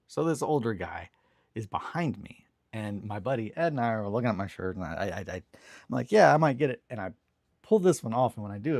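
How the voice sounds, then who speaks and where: A man's voice: lowish voice, darkish tone, no room sound, studio quality. A young man hosting a morning hobby show, telling a rambling story in a casual, self-deprecating way with the odd swear. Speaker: hobby stream host. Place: home hobby desk.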